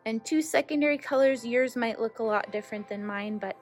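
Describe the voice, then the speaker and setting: A woman teaching an art lesson to children, gentle and encouraging, asking the class questions and dropping to a whisper while she paints. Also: fairly high pitch, normal speed, hardly any pauses, soft background music.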